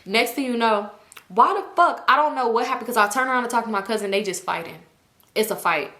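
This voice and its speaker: A young woman telling a story in a casual, animated, profane way, often laughing as she talks. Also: a little high, fast talker. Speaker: storytime vlogger. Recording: roomy echo.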